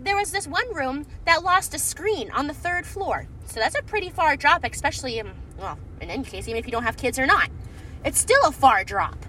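A woman's voice: high-pitched, sing-song, fairly quick, recorded from a distance, noisy background. A woman co-hosting a podcast from inside a car, telling a work story in casual chat and swearing a lot. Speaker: podcast co-host.

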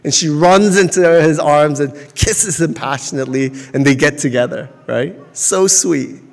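A man in his forties delivers a sermon with a high voice. He talks loosely and conversationally and tells stories. The long reverb of a church hall trails after each phrase. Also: moderate pace, vocal fry. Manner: conversational storytelling with laughs. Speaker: pastor.

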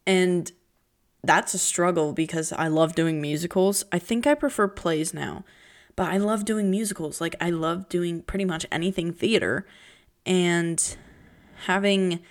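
Young woman podcaster, slightly low voice, chatty and dramatic, casual monologue. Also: steady tone, unhurried. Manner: chatty, dramatic, jumps between pitches and whispers. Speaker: podcast host. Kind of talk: casual chat.

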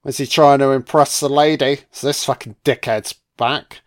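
A man's voice: mid-range voice, steady tone, normal speed, hardly any pauses. A man doing a casual, crude film commentary, swearing freely and mocking the characters.

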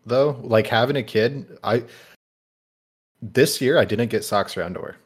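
A man's voice: mid-range voice, measured pace, slightly rough. A young man, a father, speaking as a podcast guest in a laid-back, matter-of-fact casual chat.

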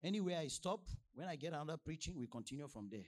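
A man with a Nigerian accent preaching a sermon as pastor, firing questions at the congregation and swinging from soft asides to loud exclamations. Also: a little high, fast talker. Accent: Nigerian English. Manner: animated preaching with call-and-response questions to the congregation.

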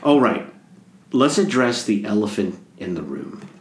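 A man's voice: fairly low pitch, sing-song, unhurried, reverberant. A man, a priest, co-hosting a casual chat, joking and rambling playfully. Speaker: priest and podcast co-host.

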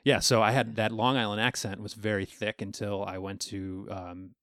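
A man's voice: on the low side, flat delivery, moderate pace, a bit bright, no room sound, studio quality. A man in his thirties from New York State, chatting candidly as a guest, telling stories with lots of fillers. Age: 30s. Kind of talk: casual interview chat.

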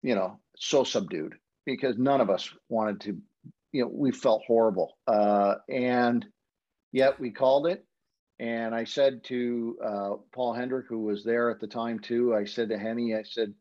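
A man in a casual podcast chat looks back on hockey broadcasting. He tells his anecdotes in a halting, rambling way, full of fillers and restarts. His voice sits in an ordinary middle pitch, and the recording sounds dull and lo-fi. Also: steady tone. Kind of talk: casual storytelling.

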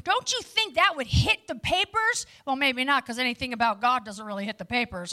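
A woman preaching a lively sermon to a live audience, with chatty asides to the listeners. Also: sits high, brisk, few pauses.

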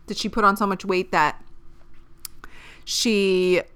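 A woman in her thirties hosting a podcast, giving dating advice in a blunt, profane, animated way. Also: mid-range voice, slow pace, clear, resonant tone. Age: 30s. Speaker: podcast host. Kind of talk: casual podcast monologue.

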